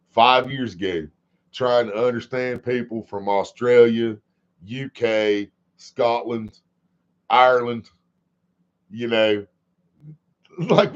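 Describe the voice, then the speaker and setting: A man hosting a livestream in a casual, rambling chat. He swears a lot and laughs often. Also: fairly low pitch. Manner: sing-song repetition. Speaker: livestream host. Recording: dull lo-fi stream audio.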